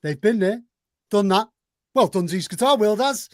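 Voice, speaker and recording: A man hosting a casual podcast, chummy and quick to laugh as he greets viewers in the chat. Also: high-pitched, expressive, dry recording, clean studio sound. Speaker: podcast host.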